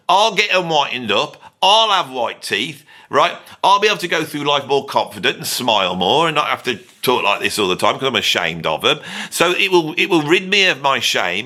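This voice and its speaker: A middle-aged man from Britain wraps up his music channel with a casual, meandering outro, joking at his own expense and cheekily pleading with his audience. He has a British English accent and a high, bright, forceful voice.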